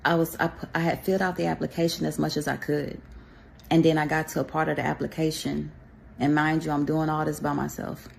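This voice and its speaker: A woman's voice: deep voice, level tone, a little fast, creaky, a little hiss or hum. A woman from Texas speaking to a camera, sharing a personal faith testimony in a rambling, conversational way with pious asides.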